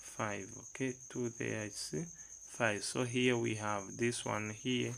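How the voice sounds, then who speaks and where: A man's voice: mid-range voice, level tone, slow, vocal fry, a bit bright, poor audio. A man teaching a math lesson step by step, reading numbers aloud and asking the class rhetorical questions.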